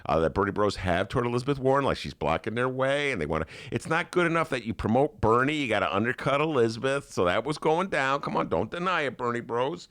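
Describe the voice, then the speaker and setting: A man with a Chicago accent hosts a casual political talk show from a studio, teasing his listeners and hyping every fight. His voice swings widely in pitch, and the sound is dry and close. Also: fast, few pauses, no echo. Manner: animated, jokey, hypes things up, does mock voices. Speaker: podcast host.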